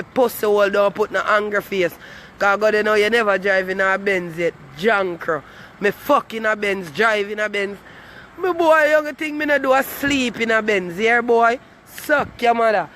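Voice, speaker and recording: Brief: Jamaican man, very high bright voice, swaggering, crude, taunting his online critics. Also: slight background noise. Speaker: comic vlogger. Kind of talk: boastful comic rant to camera.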